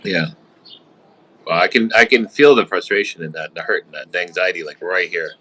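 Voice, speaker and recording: A man's voice: sits low, brisk, bright, forceful tone, rough recording. A man coaching on a call, listening closely and answering with supportive, affirming words.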